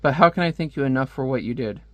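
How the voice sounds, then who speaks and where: A man's voice: medium pitch, animated, fast, fairly bright tone, no echo, lightly acted. A man reading a defiant armored hero. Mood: earnest. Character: defiant armored male superhero.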